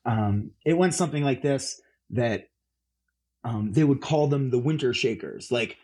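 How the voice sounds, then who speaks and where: A man's voice: medium pitch, lively intonation, unhurried, darkish tone. A musician, a man, chatting as an interview guest, rambling with lots of fillers and restarts. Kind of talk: casual interview chat.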